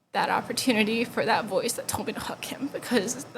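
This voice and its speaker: A woman's voice: on the high side, fairly quick, low-quality recording. Young woman sharing her testimony, talks casual w lots of "like", goes almost to a whisper sometimes, faint hiss behind. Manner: conversational, heavy use of "like", drops to near-whispers at painful moments. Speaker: guest giving a testimony. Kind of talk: emotional personal testimony.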